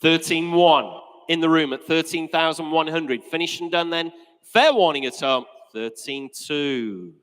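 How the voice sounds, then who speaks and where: Brisk auctioneer man in an echoey hall. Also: on the high side, a bit bright, clean tone. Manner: brisk, jokey patter between bids. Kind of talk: live auction calling.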